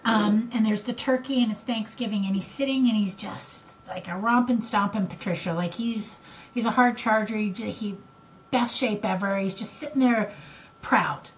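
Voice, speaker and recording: A woman's voice: medium pitch, moderate pace, a little hiss or hum. An older woman co-hosting a podcast, telling a family story in a rambling, emotional way. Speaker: podcast co-host. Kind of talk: casual chat.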